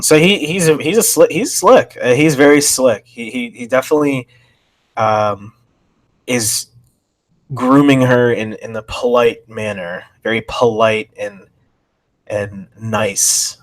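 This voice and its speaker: A man's voice: medium pitch, takes it slowly. A man reading chat logs aloud and commenting, thinking aloud and reacting with disbelief.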